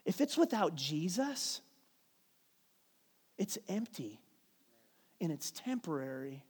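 Male pastor, thirties, high voice, sermon in a reverberant hall, hushed lows to loud call-and-response. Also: very animated, breathy edge. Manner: swings from hushed and slow to loud and playful, calls the congregation to repeat lines.

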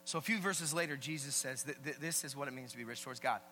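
A man preaching a sermon as pastor, energetic and repetitive, with joking asides. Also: mid-range voice, quick pace, a little hiss or hum, poor audio.

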